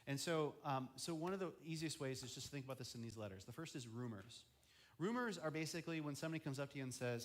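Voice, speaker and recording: A man's voice: mid-range voice, fast talker, fairly bright tone. A young man preaching as a student ministry pastor, chatty, often acting out quoted voices. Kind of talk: youth sermon.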